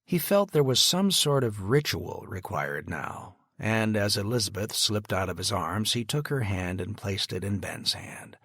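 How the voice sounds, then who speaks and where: A man narrating an audiobook in a steady, even storytelling manner. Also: on the low side, normal speed, vocal fry, hardly any pauses, slightly rough, dry recording, studio quality. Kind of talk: scripted narration.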